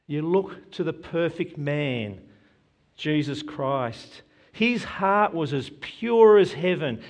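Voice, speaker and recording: A man preaching a sermon, earnest and measured, quoting scripture with emphasis. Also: sits high.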